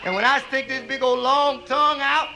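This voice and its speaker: A man's voice: very high voice, steady tone, normal speed, vocal fry, bright, forceful tone, low-quality recording. A middle-aged man, telling raunchy stand-up stories in a nightclub and acting out the characters with whoops and laughs. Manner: drawling storyteller, acts out characters with whoops and laughs. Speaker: stand-up comedian. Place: nightclub stage. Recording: live club album recording.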